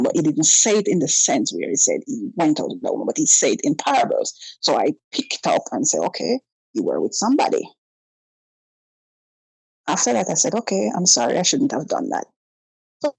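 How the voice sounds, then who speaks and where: Gravelly, lively woman caller. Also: fairly low pitch, dry recording, rough recording. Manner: animated, acts out both sides of conversations. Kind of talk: casual storytelling.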